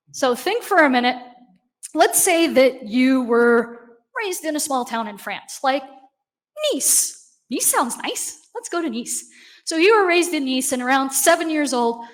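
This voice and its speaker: A woman giving a conversational, animated conference talk, often checking in with the audience. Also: high-pitched. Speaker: conference speaker. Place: conference stage.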